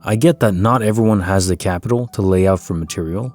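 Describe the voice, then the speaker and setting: A man reading stories aloud in a calm, soothing, scripted way, like sleep-story narration. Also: low-pitched, fairly quick. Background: faint background music.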